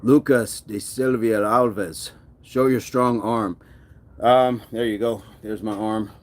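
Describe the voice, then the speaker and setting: A man's voice: lowish voice, steady tone, slow. A man hosting a casual fitness livestream, reading viewer comments aloud between push-ups and laughing often. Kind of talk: casual live-stream chat.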